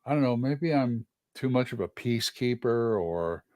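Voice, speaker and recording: A man's voice: mid-range voice, animated, moderate pace, darkish tone, no room sound, studio quality. A man co-hosting a casual gaming livestream, rambling and hesitant, careful not to stir up trouble. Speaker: livestream co-host. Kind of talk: casual chat.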